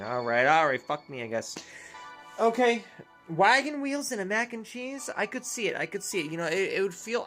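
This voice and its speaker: A man's voice: on the high side, a bit bright. A man hosting a let's play, chatting casually in a rambling, jokey way that keeps interrupting itself. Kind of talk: casual gameplay chat.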